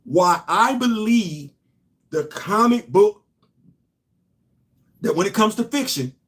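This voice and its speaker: Taking it slowly and with lively intonation, a middle-aged host from New York leads a casual opinion show. He speaks emphatically, swinging from loud points to low asides.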